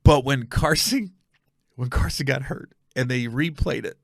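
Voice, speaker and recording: A man hosting a comedy podcast, telling a funny story with animated energy and loud reenactments. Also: a little slow, gravelly, no room sound, studio quality. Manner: animated storyteller, bursts into high shouted yelling when reenacting.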